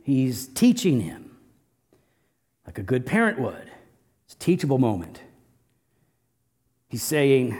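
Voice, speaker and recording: Male pastor, sermon delivery, animated and expressive, recorded in a reverberant hall. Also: slow pace, pauses often. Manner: animated, swings between loud emphatic bursts and soft low asides.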